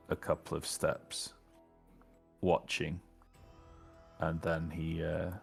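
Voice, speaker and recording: A man playing a tabletop game, describing his character's actions in a measured, hesitant way. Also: low voice, vocal fry, fairly bright tone. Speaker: player.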